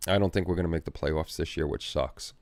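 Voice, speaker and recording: A man's voice: rumbling low, brisk, a little mellow, no echo, studio quality. A man hosting a livestream, chatting casually and reading viewer comments in a rambling, easygoing way with repeated phrases. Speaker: livestream host. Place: home hobby room.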